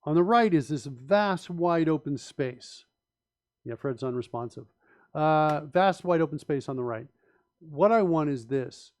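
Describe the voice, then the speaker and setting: A man with a fairly high voice hosts a live coding stream. He talks through his ideas emphatically and with strong opinions, often restarting his sentences and asking rhetorical questions. His voice sounds dry and close, with little room sound. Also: lively intonation, a little slow, darkish tone, dry recording. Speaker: host and software developer.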